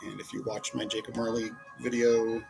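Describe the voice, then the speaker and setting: A man's voice: lowish voice, flat delivery, moderate pace, gravelly, over music, rough recording. A man reviewing toy figures in a rambling, casual way, often breaking off to talk to himself as he poses them. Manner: rambling, self-interrupting, talks to himself while posing figures. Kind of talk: casual chat.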